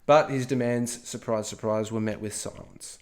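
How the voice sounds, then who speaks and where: A man's voice: medium pitch, steady tone, moderate pace, darkish tone. Playful man telling history casually. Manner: playful, jokey asides, frequent "okay?". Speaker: podcast co-host.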